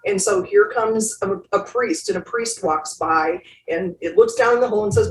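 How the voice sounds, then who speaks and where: A woman's voice: fairly high pitch, normal speed, a little hiss or hum. Woman host, distant and echoey. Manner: warm storyteller who does voices for characters. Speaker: podcast host. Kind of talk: conversational interview.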